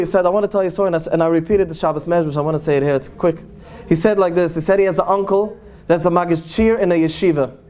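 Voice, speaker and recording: A man, a rabbi, telling stories to an audience in English, animated and acting out the people he quotes. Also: fairly high pitch. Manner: animated storyteller, acts out quoted voices, Yiddish-laced English. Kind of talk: storytelling talk to an audience.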